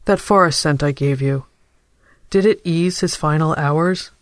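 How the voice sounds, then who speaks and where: A man voicing a middle-aged scent dealer, a scheming salesman who keeps a calm, reasonable, persuasive tone. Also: on the high side, unhurried, no echo, clean studio sound, close to an everyday voice.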